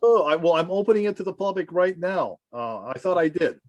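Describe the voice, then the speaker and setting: A man chairing a commission meeting on a video call, informal and halting with many fillers. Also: sits high, animated, no room sound, dull audio.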